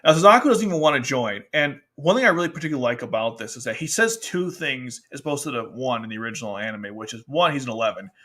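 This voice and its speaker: A man's voice: medium pitch, quick pace, few pauses. A man casually reviewing a manga, chatting loosely and acting out characters' lines as he goes. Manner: chatty, animated, quotes characters in exaggerated voices, laughs often. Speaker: anime review host. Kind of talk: casual commentary.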